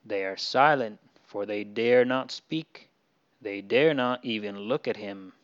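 A man telling a Bible story to children in a gentle storytelling manner. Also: on the low side, slow, highs cut off.

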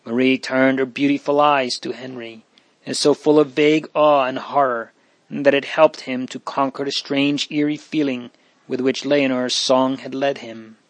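A man narrating a period novel in a measured, even storytelling voice. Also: mid-range voice, no room sound. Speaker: audiobook narrator.

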